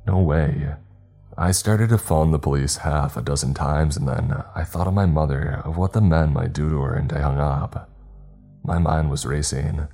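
Deep dark-voiced guy reading a scary story, slow and grave, faint music. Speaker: horror story narrator. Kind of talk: scripted horror narration. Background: faint background music.

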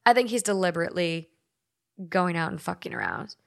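A woman's voice: lowish voice, big pitch swings, brisk, creaky. A young woman from Minnesota hosting a podcast, chatting casually, swearing freely and using lots of filler words. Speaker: podcast host. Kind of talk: casual chat, reading stories aloud.

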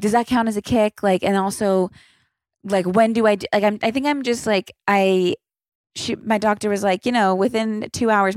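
A woman's voice: mid-range voice, a little mellow, no room sound, studio quality. A woman around thirty hosting a casual solo podcast, rambling and chatty with lots of filler words and casual swearing. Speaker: podcast host.

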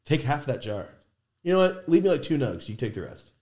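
A young man co-hosting a loose podcast, ranting and cursing as he talks. His pitch leaps around constantly and he bursts into shouted impressions. The tone is easygoing and unscripted. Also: brisk, husky. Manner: animated ranting, swearing, jumps into shouted impressions. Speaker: podcast co-host. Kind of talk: casual podcast chat.

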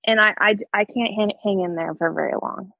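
Chatty mom on a dull, muffled mic. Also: female voice, medium pitch, fairly quick, creaky, no echo. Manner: chatty storyteller, quotes her kids. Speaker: podcast guest. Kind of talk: casual chat.

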